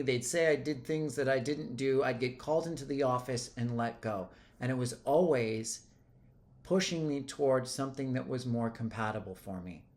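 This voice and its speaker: A man in his thirties, a life coach talking to camera in a blunt, emphatic way and swearing freely. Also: mid-range voice. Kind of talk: casual monologue to camera.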